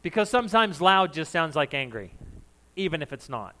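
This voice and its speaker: Preaching at a moderate pace in a fairly high, sing-song voice, this pastor admits he's loud. He chats casually with his congregation, cracking jokes and sharing laughs with them.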